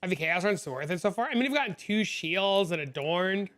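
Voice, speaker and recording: Male live streamer, slightly high and bright, chatty, answers chat and tells animated stories at his desk mic. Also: brisk. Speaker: game streamer.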